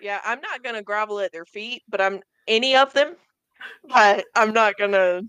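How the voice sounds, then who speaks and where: A woman's voice: medium pitch, moderate pace, fairly bright tone, smooth, no echo. A young woman in a casual book chat, speaking earnestly and with emphasis. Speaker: podcast co-host.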